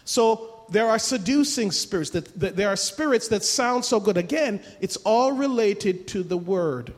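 A man's voice: high-pitched, animated, measured pace. A man preaching a sermon, emphatic, asking rhetorical questions and repeating his points. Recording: long hall reverb.

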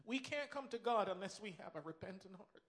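Male preacher, high voice, emphatic sermon delivery with repeated phrases, long reverb of a big hall. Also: animated, a little fast, fairly bright tone.

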